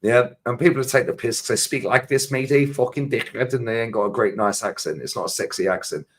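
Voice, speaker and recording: A man with a London accent ranting about football as a panelist in a casual chat show, talking in long sweary tangents. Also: medium pitch. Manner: ranting, sweary, fast-flowing.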